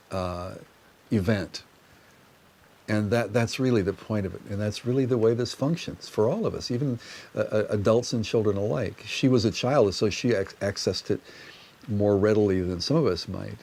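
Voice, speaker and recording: Low-voiced man telling a story. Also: darkish tone. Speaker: interviewee, fairy house maker. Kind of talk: casual anecdote.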